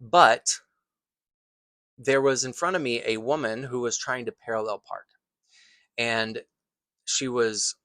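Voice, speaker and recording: Earnest man with a bright, forceful voice. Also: medium pitch, no echo. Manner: earnest and thoughtful, pauses and restarts phrases. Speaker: acting teacher. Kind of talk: reflective personal storytelling.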